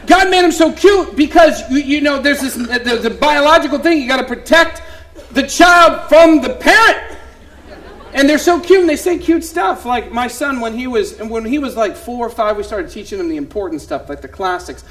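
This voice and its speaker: A man performing a one-man comedy show on stage, telling animated stories and acting out voices of his family. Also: very high voice, moderate pace. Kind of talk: stand-up storytelling. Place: theater stage before a live audience.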